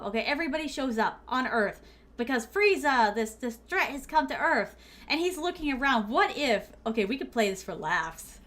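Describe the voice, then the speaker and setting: High-voiced, animated woman streamer. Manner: animated, rambling storyteller, laughs often. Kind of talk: casual game-stream chatter.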